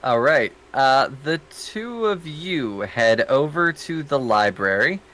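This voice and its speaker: A man's voice: mid-range voice, sing-song, takes it slowly, a bit bright, poor audio. A man narrating a tabletop game as game master in an easygoing, rambling way. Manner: easygoing, hums to himself.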